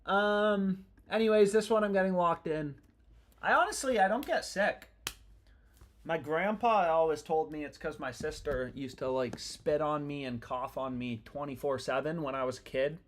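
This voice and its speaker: A young man hosts a casual betting live stream, talking in loose slang and swearing freely. His voice sits a little higher than most men's. He rambles and jumps between thoughts as he works through his picks. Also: normal speed, slight background noise. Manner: slangy, profane, rambling and restless. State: annoyed.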